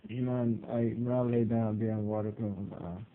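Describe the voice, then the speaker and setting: A young man ranting casually to his camera, mocking and swearing, jumping high in pitch when he gets worked up. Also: little pitch movement, fairly quick. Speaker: vlogger. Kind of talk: casual profane rant. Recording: tinny phone-like sound.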